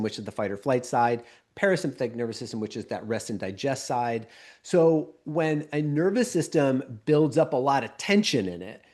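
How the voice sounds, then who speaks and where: A man co-hosting a podcast as a somatic coach, explaining calmly and often checking in with "right?". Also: mid-range voice.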